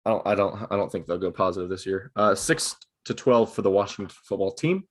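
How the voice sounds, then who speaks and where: A young man with a lowish voice, speaking over a video call. He moves steadily through a list, dropping fillers between items, in an easygoing chat. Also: brisk. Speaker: podcast co-host. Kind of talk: casual chat.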